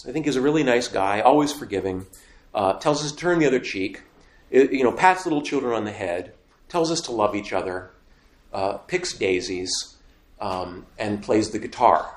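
A man teaching a faith class to a live audience, emphatic and asking the room questions. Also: mid-range voice. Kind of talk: lively classroom lecture. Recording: echoey room.

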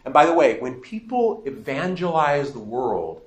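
Animated man lecturing a class. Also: medium pitch, normal speed. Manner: animated, emphatic, asks the audience questions. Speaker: teacher of a faith class. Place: room before a live audience. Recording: echoey room.

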